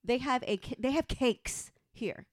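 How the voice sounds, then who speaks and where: A woman in her thirties telling a story in casual chat, animated and profane, acting out the quotes. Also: on the high side, a little slow, no echo, studio quality. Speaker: podcast co-host.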